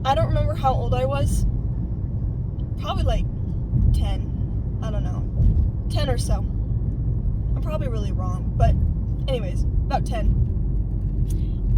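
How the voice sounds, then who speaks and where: A woman's voice: high voice, very noisy. A young woman vlogger telling a childhood story in a casual, chatty way, full of fillers and "right?" check-ins.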